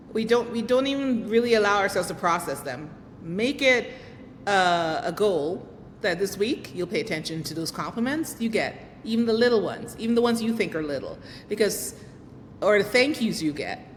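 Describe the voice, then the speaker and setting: A middle-aged woman hosts her vlog in a friendly, chatty way, often stopping to ask the viewer a question. Her voice sits at an ordinary middle pitch. It is recorded with a long reverb tail and a faint rumble underneath. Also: a bit bright. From United States. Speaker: vlog host. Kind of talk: casual advice talk to camera.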